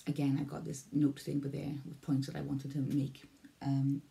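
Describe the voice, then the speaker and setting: A woman's voice: very deep voice, monotone, normal speed, vocal fry, warm tone. A Welsh woman in her forties talking casually to camera, rambling, repeating herself and losing her thread. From Wales. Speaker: vlogger. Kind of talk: casual vlog talk to camera.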